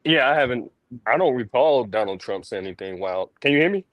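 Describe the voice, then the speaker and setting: A man's voice: medium pitch, a little fast, no room sound, muffled recording. A man co-hosting a podcast over a remote call from outdoors, talking loosely and casually. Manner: relaxed, loose with fillers. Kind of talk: casual chat.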